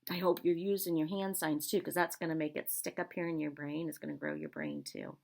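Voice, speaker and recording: A woman teaching kindergarten sight words, slow, patient and encouraging, drawing out spelled letters in a sing-song way. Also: low voice, fairly even intonation, creaky, a little mellow.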